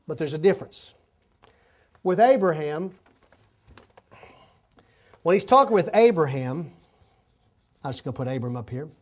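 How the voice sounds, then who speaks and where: A man's voice: a little high, lively intonation, unhurried, pauses often, a little mellow. A man teaching a sermon to a congregation, explaining words and asking listeners to help him. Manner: explanatory, talks to congregation, asks them for help. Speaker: preacher.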